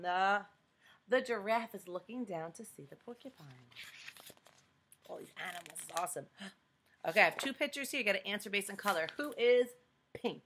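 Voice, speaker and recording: A woman's voice: medium pitch, lively intonation, normal speed, pauses often. A woman reading a picture book aloud to young children, asking them questions to guess each answer and dropping to a whisper for suspense. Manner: dramatic hushed whispers for suspense.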